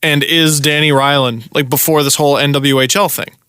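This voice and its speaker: A man hosts a casual podcast and talks loosely, full of small fillers. His voice is bright and a touch high. It sounds dry and close to the mic. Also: steady tone, fairly quick, clean tone, no echo. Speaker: podcast host.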